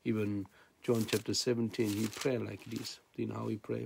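A man preaching a sermon in broken, non-native English, swinging between loud emphatic peaks and low hushed asides. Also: little pitch movement, normal speed, vocal fry, a little hiss or hum.

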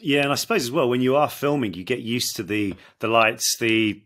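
A man hosting a chat show, asking a measured, thoughtful question. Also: mid-range voice, a bit bright. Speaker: host. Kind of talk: casual interview chat.

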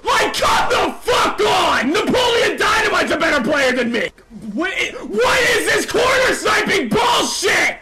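A man in a furious gaming rant, shouting and swearing nonstop. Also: very high-pitched, big pitch swings, a little slow, over a noisy crowd, heavy background noise.

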